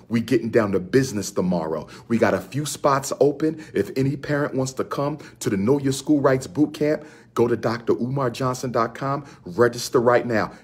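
Man from Philadelphia, husky voice, emphatic rally-style promo, repeats lines like a chant. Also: mid-range voice, normal speed, a little mellow. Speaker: activist promoting his own events. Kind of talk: rallying self-promotional announcement.

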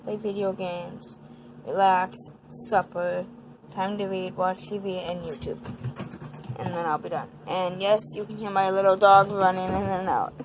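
A woman's voice: mid-range voice, flat delivery, unhurried, background noise. A woman talking casually in a home vlog, counting her exercises aloud and chatting to her dogs. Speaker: vlogger.

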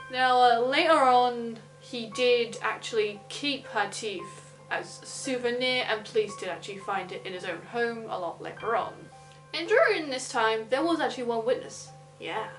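A woman's voice: a little high, a bit bright, poor audio. Indignant London woman telling true crime. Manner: blunt, indignant asides. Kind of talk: casual true crime storytelling.

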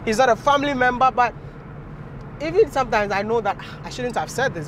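A young man with a Ghanaian accent, vlogging to camera on a busy street, animated and quick to laugh and joke. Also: very high-pitched, background noise. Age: young adult. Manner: animated, laughs often, jokes and teases. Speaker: travel vlogger. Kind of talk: excited casual vlog talk to camera. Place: outdoors on a busy city street with traffic.

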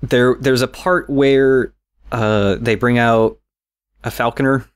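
A man's voice: mid-range voice, steady tone, slow, clear, resonant tone. A young man co-hosting a podcast, casually telling a rambling story with laughs and swearing. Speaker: podcast co-host. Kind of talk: casual chat.

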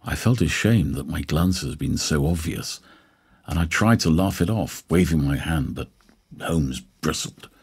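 A man reading a novel aloud as an audiobook narrator, in a measured storytelling manner. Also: extremely low pitch, expressive, darkish tone, slightly rough. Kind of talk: scripted narration.

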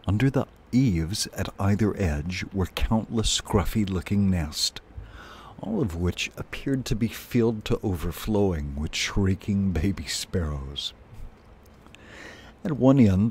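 A man reading a children's novel aloud in a slow, measured way, as a storyteller. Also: deep voice, lively intonation, darkish tone, a little hiss or hum.

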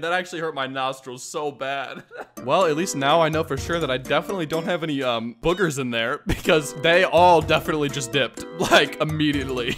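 A man doing joking commentary as he reads and mocks online posts, lively and quick to laugh. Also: fairly high pitch, soft background music. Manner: joking, animated, frequent laughter. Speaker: YouTube commentator. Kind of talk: comedic reading commentary.

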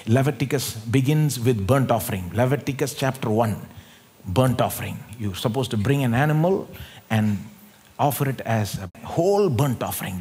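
A man with an Indian English accent preaching a sermon in church, animated, asking rhetorical questions and laughing often. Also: medium pitch. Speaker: pastor.

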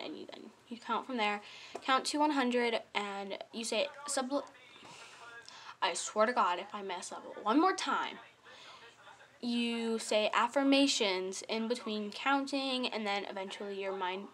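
A woman's voice: fairly high pitch, a little hiss or hum. A young woman casually explaining something at home, rambling and correcting herself with little laughs. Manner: rambling, self-correcting, giggly. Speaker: vlogger. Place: home bedroom or living room with TV.

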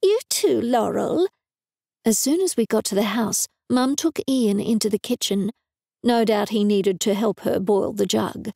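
Woman, audiobook narration, wry, dry close sound, gravelly. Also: mid-range voice, moderate pace, mellow, no echo. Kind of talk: scripted narration.

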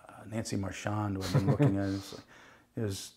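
A man from New Jersey tells stories from his acting life in a relaxed interview. He talks with energy, slips into other people's voices when he quotes them, and swears in passing. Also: lowish voice, a little fast. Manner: animated, acts out quoted voices, swears casually. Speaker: guest actor. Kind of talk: casual interview storytelling.

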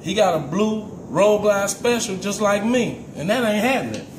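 A man with a Southern US accent in relaxed, joking banter with friends about motorcycles. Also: sits high, moderate pace, reverberant, a crowd in the background. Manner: laid-back, joking banter. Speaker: motorcycle owner. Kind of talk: casual chat.

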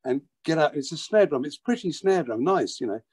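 An older man with a somewhat high-pitched voice recalls a story from his past. He talks animatedly, stumbles and repeats words as he acts out scenes, and often throws in "you know.". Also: expressive, a little fast, darkish tone, slightly rough. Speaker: interview guest, drummer. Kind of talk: anecdotal storytelling.

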